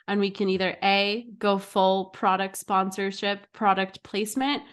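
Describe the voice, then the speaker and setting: A woman's voice: mid-range voice, fairly even intonation, measured pace, smooth. Young woman, podcast co-host, laughs through her jokes. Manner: giggly, acts out silly voices mid-story. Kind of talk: casual chat.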